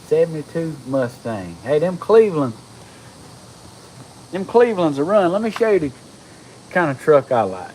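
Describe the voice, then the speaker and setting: A man, chatting casually with viewers on a live stream, folksy and excitable. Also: on the high side, moderate pace, pauses often, slight background noise, rough recording. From Georgia, US. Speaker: livestream host.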